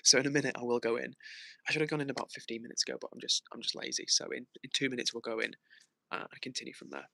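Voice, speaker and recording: Quick chatty guy streaming live, bright voice, reads out the chat and jokes around. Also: mid-range voice, steady tone, vocal fry, no room sound. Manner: chatty, reads viewer comments aloud; joking, playful. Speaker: livestreamer.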